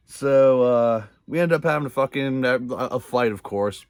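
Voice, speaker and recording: A man's voice: lowish voice, normal speed, no room sound, clean studio sound. Profane, rambling man recapping an episode. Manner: rambling, profane, filler-heavy, laughs often. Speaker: video reviewer.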